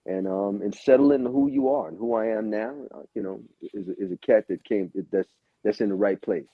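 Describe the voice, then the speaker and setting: Laid-back male guest, gravelly voice, dull lo-fi sound. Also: lowish voice, a little fast, no room sound. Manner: laid-back, swears, quotes people in lively voices. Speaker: guest musician. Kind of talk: casual storytelling interview. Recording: dull lo-fi audio.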